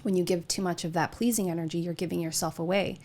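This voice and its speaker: A woman in a casual spiritual podcast chat, calmly explaining her ideas. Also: fairly low pitch, quick pace. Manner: calm, explanatory, with short affirmations.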